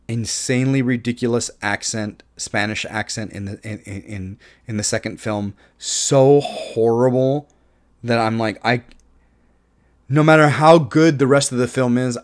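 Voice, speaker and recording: Excitable, opinionated man reviewing films. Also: medium pitch. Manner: opinionated, excitable, voice jumping up when emphatic. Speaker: film reviewer. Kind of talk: casual spoken movie review.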